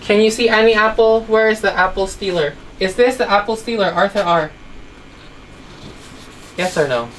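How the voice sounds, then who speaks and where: A woman's voice: mid-range voice, moderate pace, long pauses. A woman teaching an online phonics lesson to children, telling a simple story and constantly asking if they follow. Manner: asks constant check questions. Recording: distant mic, faint background noise.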